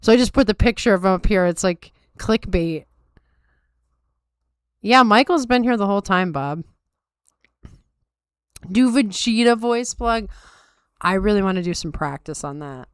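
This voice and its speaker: A woman's voice: medium pitch, moderate pace, clear, resonant tone, dry recording, clean studio sound. A tired woman hosting a podcast, chatting casually and wryly with her viewers. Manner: wry, self-deprecating chatter. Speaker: podcast host. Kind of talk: casual chat with live chat.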